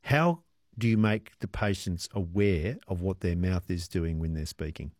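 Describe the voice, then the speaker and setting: A man hosting a radio interview, asking measured, curious questions into a studio microphone. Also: low voice, darkish tone, dry recording. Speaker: radio host.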